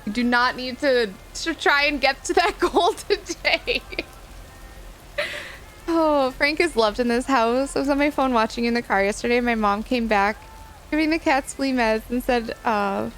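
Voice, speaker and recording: A woman streamer with a high voice talks casually to her live chat. She is gushing and giggly and says y'all often. Faint background noise sits under her voice. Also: unhurried, fairly bright tone, low-quality recording. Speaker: livestreamer. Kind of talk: casual livestream chat thanking viewers.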